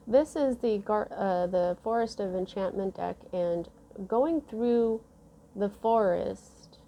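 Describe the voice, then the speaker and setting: A woman giving a casual tarot reading, musing slowly with many fillers and restarts. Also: medium pitch, dark tone, slight background noise. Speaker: tarot reader.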